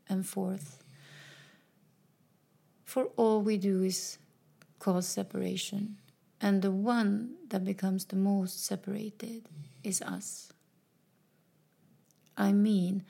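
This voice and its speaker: Slow, gravelly woman in her fifties. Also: medium pitch. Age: 50s. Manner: earnest and heartfelt, sometimes dropping to a soft whisper. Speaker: speaker sharing personal growth advice. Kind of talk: reflective personal talk.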